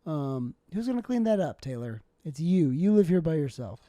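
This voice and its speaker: A man's voice: on the high side, sing-song, moderate pace, mellow, no echo. A young man, a stand-up comic, hosting a solo podcast in a rambling, self-deprecating way. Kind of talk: casual solo podcast monologue.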